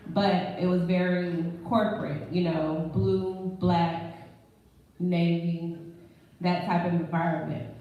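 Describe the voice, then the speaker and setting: A woman's voice: fairly low pitch, flat delivery, slow pace. Young woman telling her story candidly. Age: young adult. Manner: conversational, candid, self-assured. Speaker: mortgage branch manager. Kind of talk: candid personal storytelling on a panel. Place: live event room. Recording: echoey room, distant mic, dull sound, faint noise.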